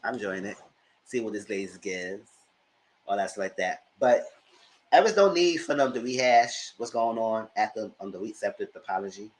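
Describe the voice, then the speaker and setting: A man giving a casual spoken recap of reality TV shows at home, colloquial and animated. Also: moderate pace. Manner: animated, mocks people in high put-on voices; colloquial, with "y'all". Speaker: commentator.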